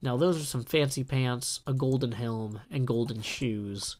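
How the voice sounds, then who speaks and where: A man's voice: medium pitch, a little slow, darkish tone, slight background noise. A man casually talking through his building work in a video game, chatty and self-deprecating, with jokey asides. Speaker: gameplay video host. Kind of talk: casual solo gameplay commentary.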